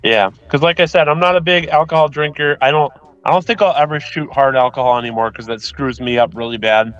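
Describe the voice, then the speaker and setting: A man chatting casually as a guest on a live stream, easygoing and quick to laugh. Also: on the high side, steady tone, fairly bright tone, highs cut off. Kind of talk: casual chat.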